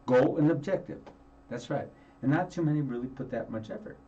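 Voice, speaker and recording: A man's voice: mid-range voice, brisk, dark tone, far from the mic, muffled recording. A man hosting a casual interview chat, playful and teasing with his guest. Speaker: show host.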